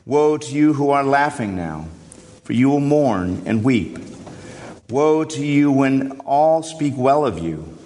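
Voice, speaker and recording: A man reads a gospel passage in a measured, solemn liturgical style. His voice carries a long church reverb, with a faint hum underneath. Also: mid-range voice, expressive, mellow. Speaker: scripture reader.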